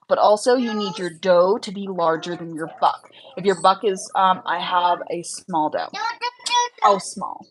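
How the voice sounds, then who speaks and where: A woman's voice: on the low side, background noise. A young woman hosting a casual livestream, chatting frankly with viewers and answering their questions with lots of fillers. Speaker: livestream host, rabbit breeder.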